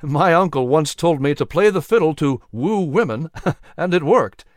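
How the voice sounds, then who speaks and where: A man voicing a cheerful, talkative young fiddler in a storybook reading, hearty and animated. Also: a little high, moderate pace, no room sound, studio quality, voice pushed up, natural voice.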